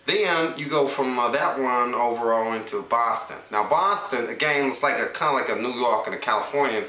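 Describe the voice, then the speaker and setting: A man chats through an accent showreel, sliding from one regional English accent to the next with easy confidence. His voice is bright and forward, with a middle pitch. The room around him is echoey. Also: moderate pace. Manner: hops between English accents, chatty and self-assured. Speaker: actor showing accents.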